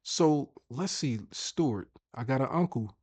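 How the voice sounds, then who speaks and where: A man's voice: mid-range voice, lively intonation, measured pace, a little mellow, breathy edge, no echo. A man hosting a casual screen-share tutorial, chatty and thinking aloud as he repeats himself. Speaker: host.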